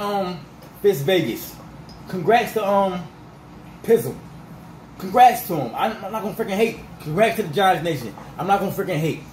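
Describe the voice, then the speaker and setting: A man ranting as a sports fan vlogger, fired up and repetitive, his voice going rough. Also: sits high, echoey room, a little hiss or hum, low-quality recording. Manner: fired-up, repetitive, peppered with 'freaking' and 'dog'.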